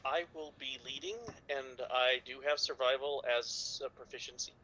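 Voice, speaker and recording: A man playing a tabletop game, explaining his moves carefully and with halting restarts. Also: mid-range voice, steady tone, pushed and bright. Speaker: player. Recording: dull lo-fi mic with faint background noise.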